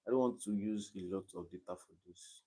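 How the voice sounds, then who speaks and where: Young Nigerian male tutor with a slightly low voice, repeats his points, patient and step by step on a live stream. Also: a little fast, warm tone, breathy edge. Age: young adult. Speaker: online exam tutor.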